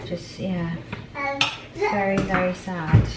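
A woman's voice: fairly low pitch, steady tone, slow. A woman from southern England chatting casually on a family vlog, cooing at pets and kids. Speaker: family vlogger. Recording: loud background noise.

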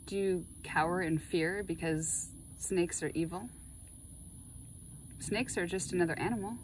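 Chatty, excitable woman reading tarot cards. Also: lowish voice, a little slow, a little hiss or hum, poor audio. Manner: chatty and excitable, with spiritual musings. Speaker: tarot reader. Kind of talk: casual chat while laying tarot cards.

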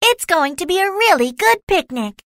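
Woman as a petulant schoolgirl, very high and bright. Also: very animated, normal speed, dry recording, clean studio sound, exaggerated voice. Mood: sweet. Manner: shrill, petulant. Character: proud spoiled schoolgirl, easily offended.

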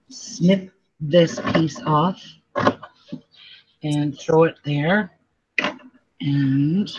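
Woman, middle-aged, crafting tutorial host, chatty and laughing, unhurried speech, dull lo-fi sound. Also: sits low. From Canada. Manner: chatty, laughs often while telling stories. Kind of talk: casual craft tutorial chat. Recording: dull lo-fi recording with faint noise.

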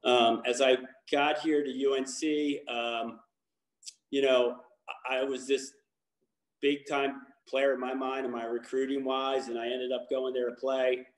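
A man's voice: mid-range voice, little pitch movement, a little slow, reverberant. A man from Baltimore giving a candid personal testimony as a guest speaker, talking in a rambling way with many fillers and restarts. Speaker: guest speaker, lacrosse coach.

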